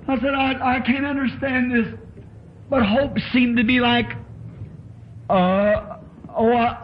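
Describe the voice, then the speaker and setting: A man's voice: very high-pitched, slight background noise. A man preaching a sermon in a church, telling his story with fervent emotion. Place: church tabernacle. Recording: dull lo-fi old tape recording.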